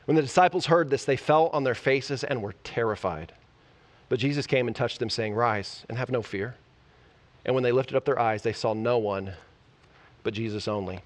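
A pastor preaching a sermon, enthusiastic and conversational, often asking the audience rhetorical questions. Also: male voice, medium pitch. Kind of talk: sermon, Bible teaching.

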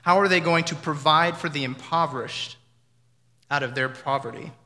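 A man's voice: fairly high pitch, normal speed, bright, forceful tone. A man preaching a sermon in a conversational, reflective way, often acting out what people might have said. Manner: conversational, reflective, with imagined dialogue. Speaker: pastor. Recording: reverberant hall.

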